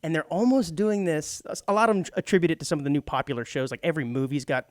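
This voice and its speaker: This fast-talking middle-aged co-host has a fairly high voice and trades casual talk-radio banter, laughing often and putting on mock British accents. The recording is dry, with clean studio sound from the radio booth.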